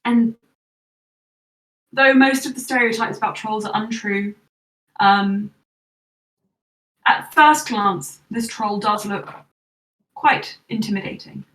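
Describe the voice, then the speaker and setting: A woman narrating as game master of a tabletop game in a relaxed, casual way. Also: mid-range voice, slow, pauses often. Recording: echoey room, far from mic.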